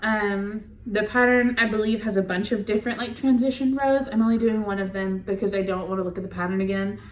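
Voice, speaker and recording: Recorded in a room with noticeable echo, a woman co-host talks fairly quickly in a mid-range voice with fairly even intonation. Her casual chat wanders through her knitting, broken up by frequent laughter.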